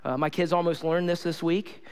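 Male pastor, sermon delivery, high and clear voice, lively storyteller who repeats for emphasis. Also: moderate pace.

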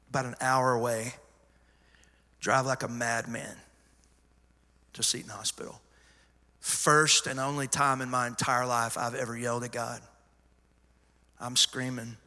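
Speaking slowly with long pauses, a middle-aged pastor shares his testimony from the pulpit of a big church, the space lending a lengthy reverb. His mid-range, level-toned voice is very bright and forceful, and he swings between near-whispers and loud, emphatic cries as he tells his story.

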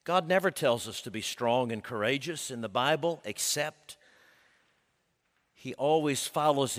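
A man preaching a sermon, emphatic and building, then dropping to a hushed intensity. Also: mid-range voice, unhurried. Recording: long reverb of a large hall.

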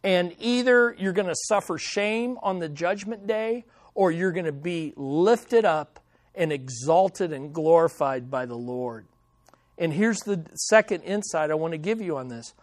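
Guy preaching a sermon, dramatic pauses, dry close sound. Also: fairly high pitch, no echo. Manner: dramatic, preacherly emphasis with slow punchy phrases. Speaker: pastor.

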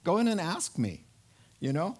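A man preaching a sermon, telling a Bible story with animated energy and acting out the characters' lines. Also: sits high, moderate pace, slightly rough. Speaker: pastor.

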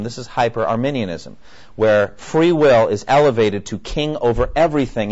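A man giving a conversational Bible teaching lecture who acts out the quoted voices and keeps checking in with his listeners. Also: mid-range voice. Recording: dull lo-fi recording.

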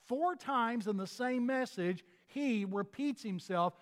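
A man's voice: extremely high pitch, lively intonation, takes it slowly, hardly any pauses, in a large hall. A pastor delivering a sermon in an earnest manner, often restarting his phrases.

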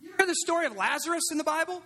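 A man preaching a sermon as pastor, animated, swinging between loud shouts and hushed near-whispers. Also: very high-pitched, racing.

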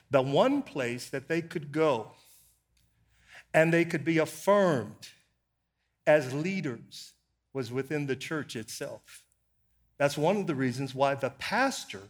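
A man in his sixties, a bishop giving a measured, emphatic sermon-style teaching talk at a live church event. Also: a little high. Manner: measured and emphatic, stressing key words.

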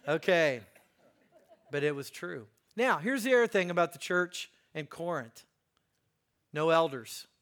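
Guy preaching a sermon, fairly high voice, slow and deliberate, gets loud and worked up then drops way down. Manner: animated, emphatic preaching with sudden jumps in pitch and loudness. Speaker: pastor.

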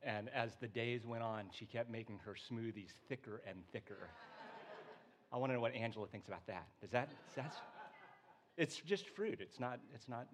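Male pastor, middle-pitched voice, relaxed sermon delivery with light humor. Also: crowd noise. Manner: relaxed, joking asides, slows for emphasis.

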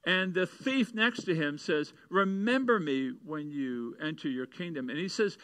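A man's voice: on the high side, sing-song, normal speed, few pauses, fairly bright tone, no room sound, rough recording. A man preaching a sermon, reading scripture and building to taunting, emphatic peaks. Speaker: pastor.

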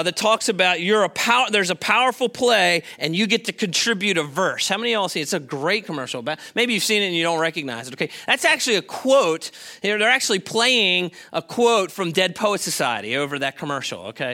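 A male pastor delivers a conversational sermon in a church. His voice sits high and rings very bright, and he keeps checking in with the room. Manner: conversational, checks in with "okay?" and "all right?". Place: church sanctuary.

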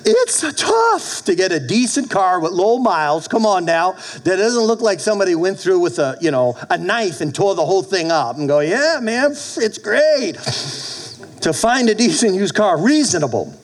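A middle-aged pastor preaches with a lively, somewhat high voice that swings widely in pitch. He often restarts his sentences and sometimes drops suddenly to a soft, near-whispered tone. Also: moderate pace, hardly any pauses. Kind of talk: sermon.

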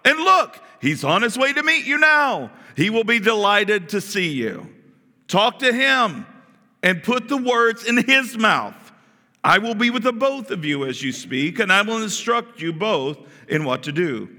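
A man acts out the voice of God from the burning bush, stern and commanding. The delivery booms, pitched well above a normal speaking voice, with a bright, forceful edge. A long reverb trails behind it as in a large hall. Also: expressive, unhurried, heavily acted. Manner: booming, emphatic, raised voice.

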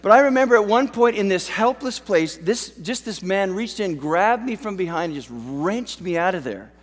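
A man's voice: sits high, lively intonation, normal speed, long reverb tail. A man from Western Canada preaching a sermon, telling a story in a conversational way with self-deprecating humor. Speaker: pastor.

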